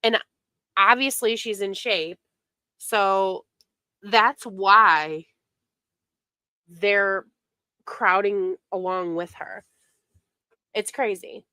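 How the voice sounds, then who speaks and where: A woman's voice: mid-range voice, steady tone, extremely slow, pauses often, sharp tone, clear, resonant tone, dry recording. A woman streamer giving casual, indignant commentary on online drama, sarcastic and given to mocking imitations.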